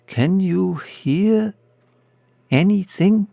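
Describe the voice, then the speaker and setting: A man voicing a nervous, curious male villager in an audiobook, speaking in hushed, excitable asides. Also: high voice, extremely slow, gravelly, no room sound, clean studio sound, voice pushed up, exaggerated voice.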